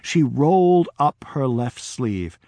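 A male researcher recounts a story from his fieldwork in a slow, deliberate storytelling voice. His pace is unhurried and measured. The sound is dry and close. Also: medium pitch, lively intonation, dark tone, no echo. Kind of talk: storytelling talk.

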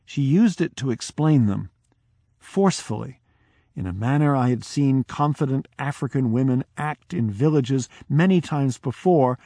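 A man who is a researcher, telling a story from his fieldwork in measured, deliberate narration. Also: mid-range voice, lively intonation, dark tone, no echo, clean studio sound. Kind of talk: storytelling talk.

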